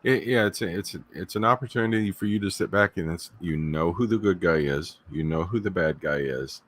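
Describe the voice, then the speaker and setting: A man's voice: deep voice, fairly quick, fairly bright tone. A man who lives in Texas, co-hosting a casual podcast chat in an easygoing, joking manner. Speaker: podcast co-host.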